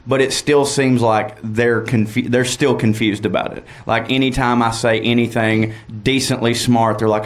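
A man's voice: medium pitch, fairly even intonation, moderate pace, hardly any pauses. Sardonic man. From Georgia. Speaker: comedian guest. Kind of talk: casual chat.

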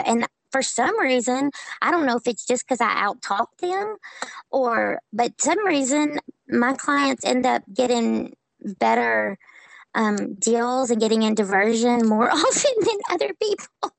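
A Southern-accented woman from Tennessee tells her stories in a lively, animated way, laughing often. Her voice has some vocal fry. The sound is dry and close, with little room echo. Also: fairly high pitch, measured pace. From Memphis, Tennessee. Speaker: social worker, interviewee. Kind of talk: remote interview. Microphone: online call.

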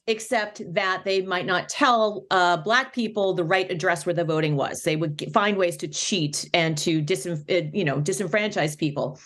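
A woman, an author and professor, explaining history in an animated way during a radio interview. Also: mid-range voice. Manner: animated, explains with many asides.

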